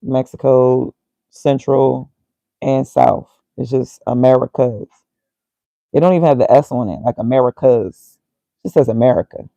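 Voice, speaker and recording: A man's voice: medium pitch, steady tone, normal speed, gravelly, mellow, no room sound, highs cut off. A man casually thinking aloud as he reads, muttering and reacting to himself. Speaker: vlogger.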